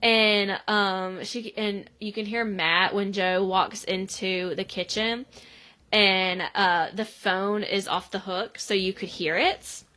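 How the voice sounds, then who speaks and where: A woman's voice: mid-range voice, fairly even intonation, takes it slowly, pushed and bright. A woman co-hosting a podcast, casually recapping an episode and acting out the lines in a chatty way. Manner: chatty, acts out quotes. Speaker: podcast co-host.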